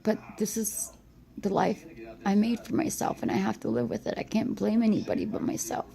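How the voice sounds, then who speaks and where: A woman crying as she records a halting, rambling confessional monologue on her phone. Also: medium pitch, sing-song, gravelly, warm tone, poor audio. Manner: halting, rambling, repeats herself. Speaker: vlogger.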